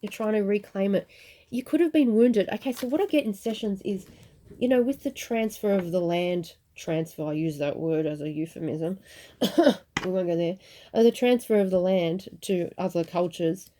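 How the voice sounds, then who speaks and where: A woman giving an intuitive tarot reading to camera, earnest and reassuring, often pausing and restarting as she searches for words. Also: mid-range voice, warm tone. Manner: searching, repetitive, speaks in halting restarts; earnest, reassuring, addresses viewers directly. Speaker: tarot reader.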